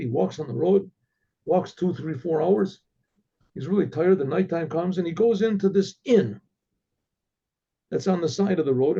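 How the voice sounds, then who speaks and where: A male rabbi tells a story in a loose, conversational way, doubling back on his words. His voice is high pitched yet dark and husky. It comes through a dull, lo-fi recording. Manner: conversational, repeats words as he goes.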